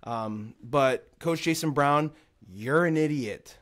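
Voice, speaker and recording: A man's voice: a little high, slow, a bit bright. A man hosting a casual sports podcast, ranting in a heated, profane way. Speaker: podcast host.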